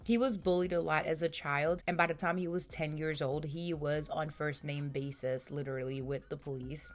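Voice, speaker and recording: A woman with a fairly low voice talks casually to camera, chatty and warm in delivery, throwing in "y'all". Her voice is strained and roughened, and she can't reach her higher notes. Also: steady tone, normal speed. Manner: chatty, uses "y'all", laughs at her own stories. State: strained voice, upper register gone. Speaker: true crime channel host. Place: home room, lawn mowing heard outside.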